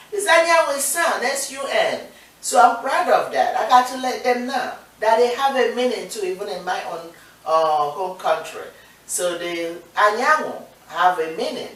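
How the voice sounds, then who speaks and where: A woman's voice: fairly high pitch, fairly bright tone. Nigerian woman, distant and echoey. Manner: earnest, encouraging, repeats points for emphasis. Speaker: co-host. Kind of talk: casual talk-show chat. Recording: distant, echoey room sound.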